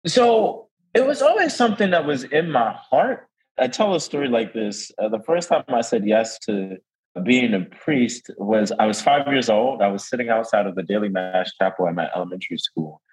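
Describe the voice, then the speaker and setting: A man's voice: mid-range voice, normal speed, poor audio. A young man with a New Orleans accent, a guest priest chatting in an interview and telling stories with frequent laughter. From New Orleans, Louisiana. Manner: warm storytelling, laughs often, animated quoting. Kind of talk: casual interview chat.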